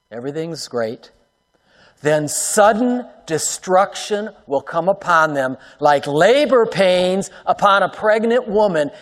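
Male pastor, fairly high voice, sermon delivery with loud-to-hushed swings, long hall reverb. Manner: talks directly to the congregation, asks rhetorical questions.

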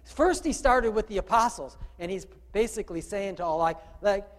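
High-voiced man preaching in a hall. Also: animated, moderate pace. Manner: conversational preaching, asks the congregation questions, swings from quiet to loud. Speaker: pastor. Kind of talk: sermon. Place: church room with a congregation.

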